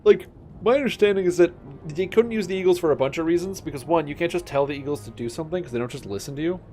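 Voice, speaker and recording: A young man streaming a game, chatting casually with his viewers, getting excited and swearing now and then. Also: on the high side. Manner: mimics characters in quick offhand voices. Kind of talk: casual gameplay commentary. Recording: faint music behind.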